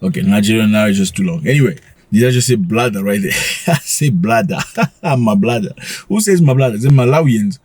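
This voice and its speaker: A man hosting a casual commentary vlog, talking in an animated way, full of rhetorical questions and quick chuckles. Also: on the low side, slightly rough. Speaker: commentary channel host.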